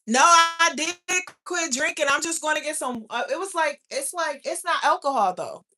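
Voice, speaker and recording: Bright-voiced blunt woman streamer. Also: high-pitched, brisk. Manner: blunt, profane, animated storytelling. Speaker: livestream host. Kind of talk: casual livestream chat reading comments.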